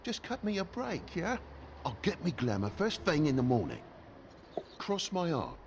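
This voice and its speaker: Desperate English toad, video game, pleading, swearing, very lively pitch, dull lo-fi sound. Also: male voice, normal speed, noisy background. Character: down-on-his-luck male toad in a tenement, pleading. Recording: dull, lo-fi game audio with faint ambience.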